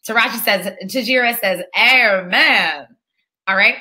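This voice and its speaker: A woman leading a live online webinar, energetic and chatty, calling for amens like a preacher and reading out audience names. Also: medium pitch, measured pace. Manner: energetic, preacher-like call and response. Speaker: online course instructor.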